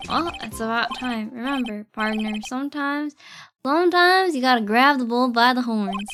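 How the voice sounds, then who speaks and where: A woman's voice: on the high side, moderate pace, natural voice. A woman reading a laid-back male cowboy detective with a folksy drawl, over game music.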